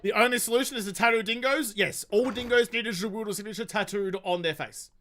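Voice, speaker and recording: A man's voice: high voice, fast, pushed and bright, slight background noise. A young man chatting casually while streaming a game, swearing freely and answering viewer questions. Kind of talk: casual live-stream chat while gaming.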